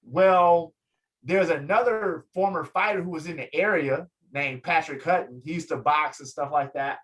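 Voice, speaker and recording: A man, a guest on an interview show, telling a story with lively energy and acting out what others said. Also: normal speed, poor audio. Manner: lively, acts out quotes, swings pitch up in excitement. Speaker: guest, photographer and fighter. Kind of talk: animated storytelling in casual interview.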